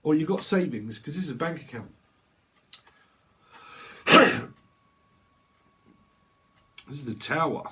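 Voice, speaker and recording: A man doing a casual tarot reading, slangy and animated. He swears freely and laughs often. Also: a little high, takes it slowly, long pauses. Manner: animated, slangy, acts out little dialogues. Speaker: tarot reader.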